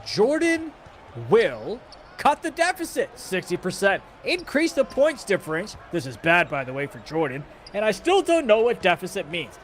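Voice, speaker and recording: Brief: male play-by-play caster, high-pitched, energetic and joking, faint background hiss. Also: moderate pace. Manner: energetic, jokey, rising to shouts on big plays. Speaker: esports basketball play-by-play caster. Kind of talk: live esports play-by-play.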